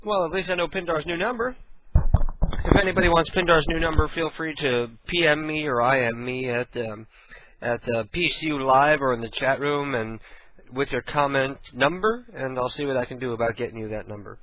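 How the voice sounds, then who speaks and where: A man's voice: mid-range voice, fairly quick. A man hosting a radio show, talking in a loose, crude, offhand way. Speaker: host. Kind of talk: casual radio show chat. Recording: phone-like lo-fi sound with loud music. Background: loud music.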